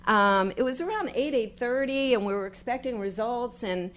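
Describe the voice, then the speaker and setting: An older woman giving a heartfelt, halting acceptance speech at a podium before an audience, thanking family and volunteers. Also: fairly high pitch, animated. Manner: heartfelt, halting, grateful, with fillers and restarts. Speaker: newly elected official giving acceptance speech. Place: public meeting hall with audience.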